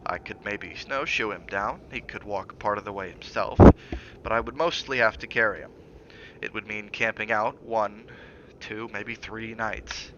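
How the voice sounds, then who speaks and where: A man voicing a tense, short-tempered husband, sarcastic and clipped, sometimes soft and measured. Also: lowish voice, highs cut off, background noise, close to an everyday voice.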